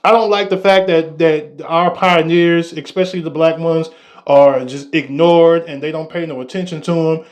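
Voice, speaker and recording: A man hosting a podcast, talking in a steady, emphatic way. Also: on the high side, moderate pace. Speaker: podcast host. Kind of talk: casual podcast talk.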